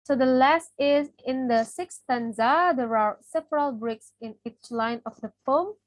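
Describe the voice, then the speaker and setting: A woman's voice: high voice, unhurried, no echo, rough recording. A young woman, a student from Indonesia whose first language is Indonesian, reading her class presentation steadily from notes. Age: young adult. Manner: reads steadily from notes, listing terms.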